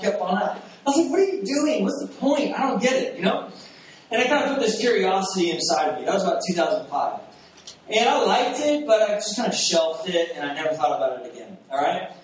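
A man preaching in a casual, animated way, often breaking into laughter and acting out his own astonished reactions. His fairly high voice rings through a very echoey church. He sounds a bit distant from the microphone, with a faint hiss behind him. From Texas. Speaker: pastor. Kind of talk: sermon storytelling. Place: church sanctuary.

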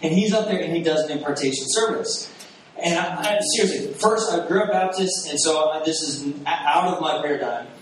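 A man preaching in a casual, animated way, often breaking into laughter and acting out his own astonished reactions. His fairly high voice rings through a very echoey church. He sounds a bit distant from the microphone, with a faint hiss behind him. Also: brisk. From Texas. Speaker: pastor. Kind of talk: sermon storytelling. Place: church sanctuary.

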